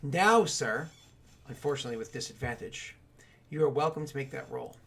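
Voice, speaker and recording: A man narrating a tabletop game as game master, telling the scene in an animated way with lots of loose filler words. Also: mid-range voice, moderate pace, gravelly.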